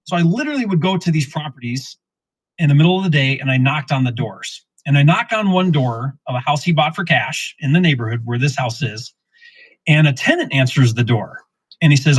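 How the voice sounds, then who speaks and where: A middle-aged man telling a real estate story in casual lesson form, acting out the dialogue with lively restarts. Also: on the high side, a little fast, husky, no echo, poor audio. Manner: animated, acts out quoted dialogue, frequent restarts. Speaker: real estate investor teaching wholesaling.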